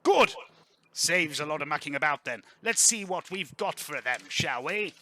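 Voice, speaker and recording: A man voicing a blustery, jovial retired admiral lord with a booming, pompous manner. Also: expressive, normal speed, pushed and bright. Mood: bluff jovial.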